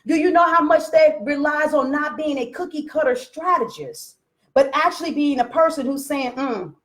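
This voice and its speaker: A woman's voice: sits high, moderate pace. A woman business coach talking straight to her followers in a blunt, profane, preachy rant. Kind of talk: unscripted live rant to followers.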